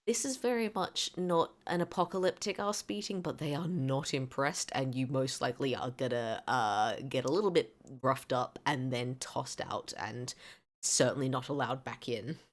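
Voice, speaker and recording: A woman narrating as game master in a tabletop game, explaining slowly with many fillers. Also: very deep voice.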